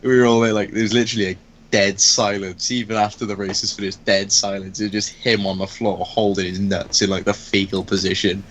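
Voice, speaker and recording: Brief: young man, very low voice, sweary anecdote-teller, faint hiss behind. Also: level tone, a little fast, fairly bright tone. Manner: profane storytelling banter. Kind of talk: casual chat while gaming.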